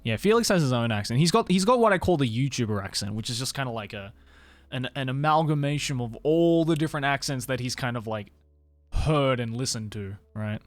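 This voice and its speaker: Young Aussie streamer, expressive swinging delivery, laughs a lot, casual swearing, dry close mic. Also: male voice, mid-range voice, fairly quick, no echo, faint music behind. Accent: mild Australian. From Australia. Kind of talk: casual chat with viewers. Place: home stream room in Tokyo.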